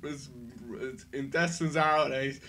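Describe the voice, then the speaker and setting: A man giving a casual spoken review, rambling and excitable, often laughing between his thoughts. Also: mid-range voice, measured pace, a little hiss or hum. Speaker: anime reviewer.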